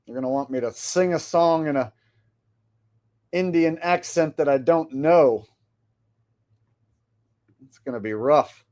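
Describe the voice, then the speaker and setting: A male streamer chatting casually to his viewers in a loose, rambling way. He speaks slowly and keeps stopping to hesitate. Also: on the high side, a little mellow. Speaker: channel host. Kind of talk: casual livestream commentary.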